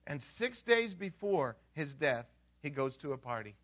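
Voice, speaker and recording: A pastor preaches with a high, bright voice. He tells the story conversationally, stops to quiz the congregation, and acts out the characters as he goes. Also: very animated, a little slow. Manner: conversational, asks the audience questions. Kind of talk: sermon.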